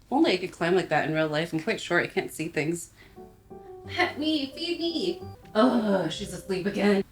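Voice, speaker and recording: Woman in her twenties, bubbly VR gaming vlogger, excitable chatter, faint music behind. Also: fairly low pitch, fairly quick. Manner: bubbly and excitable, squeals and laughs when startled. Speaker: VR gaming YouTuber. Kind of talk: casual gameplay commentary.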